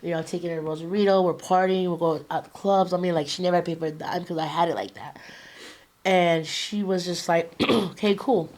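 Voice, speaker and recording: Low-voiced streetwise woman. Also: fairly even intonation, brisk, darkish tone. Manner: casual, streetwise storytelling with slang and swearing. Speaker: guest. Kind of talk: telling a personal story in an interview.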